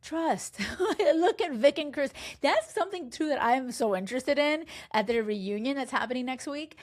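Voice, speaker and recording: A woman dating coach recapping a reality show in casual chat, emphatic and animated, swearing freely and acting out quotes. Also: high voice, normal speed. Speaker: love and dating coach, podcast host.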